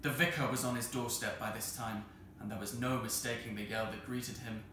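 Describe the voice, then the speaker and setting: Man reading a storybook in a roomy hall. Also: medium pitch. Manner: expressive, measured. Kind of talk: reading a children's novel aloud. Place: arts centre hall. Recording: roomy hall with faint noise.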